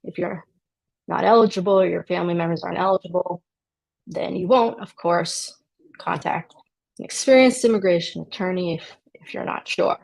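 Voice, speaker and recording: A woman's voice: fairly low pitch, normal speed, vocal fry, a little mellow, low-quality recording. A woman immigration attorney explaining a legal process in a conversational way, with dry sarcastic asides. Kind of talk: explanatory talk to camera.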